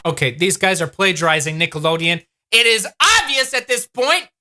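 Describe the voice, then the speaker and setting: A man's voice: sits high, expressive, moderate pace, very noisy. A man giving sarcastic, exasperated comedic reaction commentary as a YouTube host. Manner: sarcastic, exasperated, laughing at what he watches.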